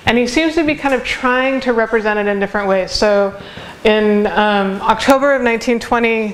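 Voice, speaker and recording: A woman giving a university seminar lecture, speaking thoughtfully and hesitantly with many filler pauses. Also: on the high side. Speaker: academic speaker. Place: seminar room.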